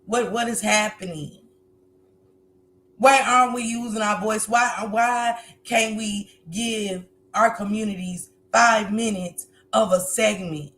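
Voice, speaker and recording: Woman livestream host, slow and emotional, preachy, mid-pitched. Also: steady tone, a bit bright, a little hiss or hum. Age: adult with a grown son. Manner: emotional, preaching, talks to viewers directly. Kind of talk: casual livestream commentary.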